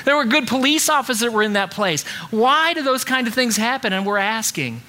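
A man's voice: very high-pitched, animated, a little fast, pushed and bright. A middle-aged male pastor giving a conversational sermon in a church, full of rhetorical questions.

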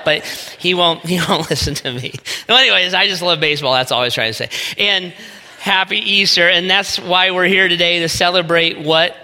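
Speaking fairly quickly in a high, sharp-toned voice, a forties-aged pastor from Northeast Ohio tells a personal story within a folksy, self-mocking sermon. The church sanctuary setting produces long hall reverb.

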